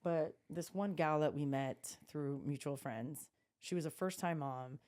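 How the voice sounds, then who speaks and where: A woman co-hosts a casual podcast, drifting into stories with plenty of "um" and "like". Her voice sits a little low and sounds warm and mellow. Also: measured pace. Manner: chatty storyteller, frequent fillers and restarts. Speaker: podcast co-host. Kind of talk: casual chat.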